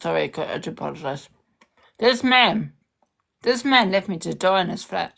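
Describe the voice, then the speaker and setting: Gravelly woman ranting heatedly. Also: fairly low pitch, lively intonation, moderate pace, fairly bright tone. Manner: heated, confrontational, repeats herself. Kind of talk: heated social media rant.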